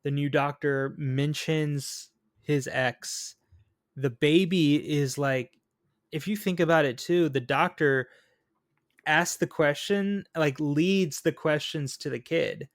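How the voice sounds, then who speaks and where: A man's voice: on the high side, slow, no echo, clean studio sound. A man co-hosting a podcast, chatting casually about a film and acting out its lines. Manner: animated, acts out quotes from the film. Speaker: podcast co-host. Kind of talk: casual chat.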